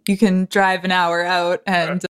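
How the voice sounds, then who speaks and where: A young woman from Massachusetts hosting a casual podcast chat, bubbly and quick to laugh. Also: fairly low pitch, level tone, dry recording, clean studio sound. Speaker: podcast host.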